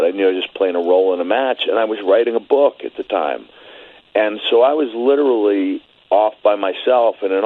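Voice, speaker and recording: A middle-aged man telling a story as an interview guest, halting with many restarts. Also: fairly low pitch. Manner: halting, many restarts, grows quiet and shaky when emotional. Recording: phone-line audio.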